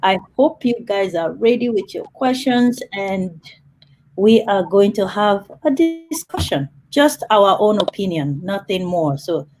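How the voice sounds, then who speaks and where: A woman's voice: medium pitch, lively intonation, a little slow, a little mellow, low-quality recording. A woman hosting a live online panel over a video call, chatty and upbeat. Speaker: host.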